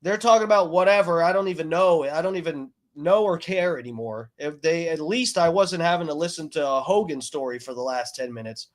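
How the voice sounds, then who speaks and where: High-pitched guy rambling on his stream, swearing a lot, lots of ums and restarts. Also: fairly quick, few pauses. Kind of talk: casual ranting story.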